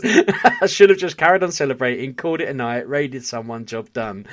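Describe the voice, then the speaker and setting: A man co-hosting a podcast, telling a story in casual chat with animated energy and frequent laughter. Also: mid-range voice, normal speed, few pauses. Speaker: podcast co-host.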